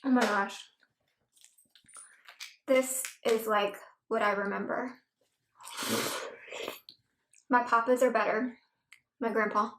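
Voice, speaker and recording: A woman's voice: a little high, fairly even intonation, normal speed, fairly bright tone. Lady doing a mukbang at home, rambly chat, roomy echo and a little hiss. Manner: chatty, rambling, mouth-full murmurs of enjoyment. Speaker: mukbang vlogger. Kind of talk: casual eating chat. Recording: echoey room with faint noise.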